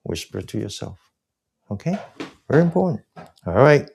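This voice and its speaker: Man, breathing instructor, gravelly, dark tone, slow calm cues. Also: medium pitch. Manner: slow, soft guided cues, livelier when explaining. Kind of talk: guided breathing class instruction.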